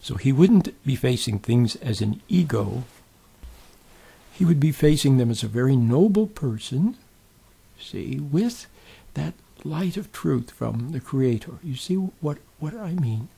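A man speaks in a mellow, warm voice with a slightly husky edge, giving an informal spiritual talk. His delivery is gentle and folksy, full of small restarts and fillers. He keeps checking in with the listener as he goes. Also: medium pitch, lively intonation, measured pace. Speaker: spiritual teacher.

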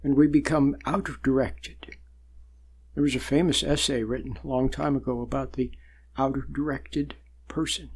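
An older man giving a sermon-like spiritual talk, measured and emphatic, building points through repeated phrases and long pauses. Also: a little high, vocal fry, breathy edge. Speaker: spiritual teacher.

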